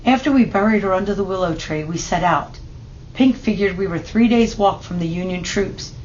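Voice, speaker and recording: A woman reads a children's picture book aloud in a steady, measured way. Her voice sits at a middling pitch. The recording is a little dull, with a faint hiss in the background. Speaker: storybook reader.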